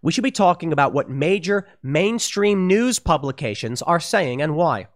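A man talks straight to his audience in an opinion commentary, pressing every point hard and circling back to repeat words when he gets heated. His voice sits a little high for a man. His pitch swings widely through each phrase. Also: lively intonation, normal speed. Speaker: online political commentator.

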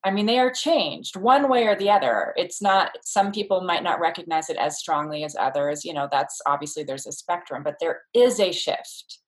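A woman's voice: fairly low pitch, normal speed, hardly any pauses, low-quality recording. A woman who is a childbirth educator, talking thoughtfully as an interview guest, explaining ideas with many fillers and restarts. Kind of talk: casual interview conversation.

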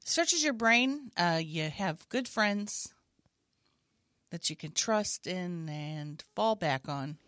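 A woman improv comedian in casual, jokey comedy banter with an animated delivery. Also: fairly low pitch, takes it slowly, no echo, studio quality. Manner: animated, jokey, slips into character voices.

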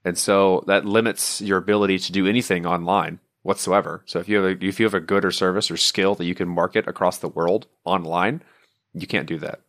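A man's voice: low voice, fairly even intonation, fairly quick, a bit bright, dry recording, studio quality. A man co-hosting a podcast in casual chat, earnest and rambling with many fillers. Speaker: podcast co-host.

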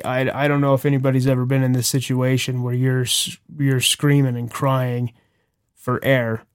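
A young man co-hosting a podcast, telling a personal story in casual chat, earnest and animated with chuckles and restarts. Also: mid-range voice, smooth. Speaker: podcast co-host.

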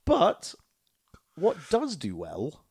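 Lively man, animated podcast chat. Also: on the high side, very slow, slightly rough, no room sound, clean studio sound. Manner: animated, laughs often, stumbles and restarts. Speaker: podcast co-host. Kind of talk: casual chat.

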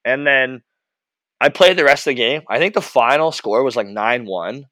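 A young man telling an animated, profane story about his hockey days in casual chat. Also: medium pitch, moderate pace, no echo. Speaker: podcast host, former hockey goalie.

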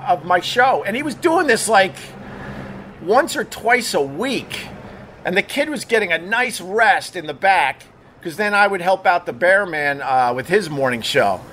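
A man's voice: sits high, fairly bright tone, slight background noise. A middle-aged man, a former radio DJ, telling casual stories in a rambling, profane way, full of fillers and restarts. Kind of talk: casual storytelling monologue.

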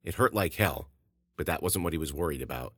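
Deep-voiced man reading a story. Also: animated, fairly quick, slightly rough, dry recording, clean studio sound. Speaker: author and podcast host. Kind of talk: scripted story narration.

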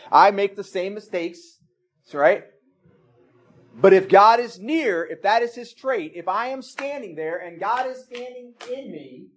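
High-pitched guy preaching in church, plain talk, earnest, asks pointed questions. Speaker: pastor. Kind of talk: sermon.

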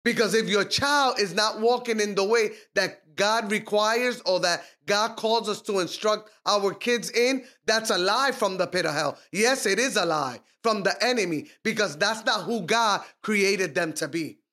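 High-pitched middle-aged guy preaching hard on a faith podcast, quoting scripture. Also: measured pace, hardly any pauses, sharp tone. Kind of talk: preaching-style faith talk.

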